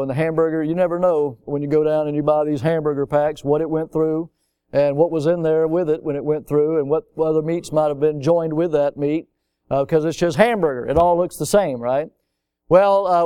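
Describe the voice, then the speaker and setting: High-voiced emphatic preacher man. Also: steady tone, brisk, clear, resonant tone, dry recording, studio quality. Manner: emphatic, repetitive, swings from loud to hushed. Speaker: pastor. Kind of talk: sermon.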